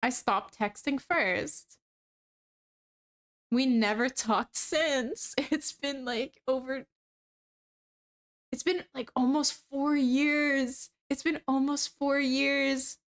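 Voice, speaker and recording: While crafting at home, a woman in her twenties fixes a cosplay on a live stream, rambling and giggling through stories with frequent laughs and fillers. She talks slowly in a high, steady voice through her streaming mic.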